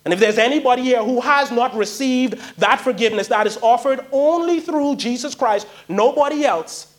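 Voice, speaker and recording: A man's voice: extremely high pitch, moderate pace. A man preaching a sermon, emphatic and pleading, repeating key phrases for weight.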